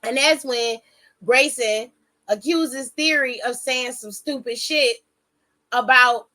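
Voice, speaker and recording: A woman giving a casual, chatty recap of a wrestling show, animated and swearing freely, with quick asides that interrupt her own story. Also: fairly high pitch.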